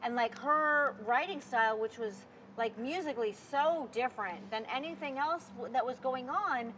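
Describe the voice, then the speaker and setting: A woman with a high voice talks loosely about music and keeps restarting her sentences. She leans on filler words constantly. Faint noise sits under the recording. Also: moderate pace, fairly bright tone, rough recording. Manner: rambling, filler-heavy with many "like"s. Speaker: podcast co-host. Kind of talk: casual chat about music.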